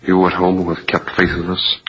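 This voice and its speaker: A man's voice: low-pitched, completely flat delivery, fairly quick, fairly bright tone, a little hiss or hum. An actor playing a young soldier son who is anguished and bitter at his father, in a 1940s film drama. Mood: grave. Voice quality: husky, impassioned. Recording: dull old film soundtrack.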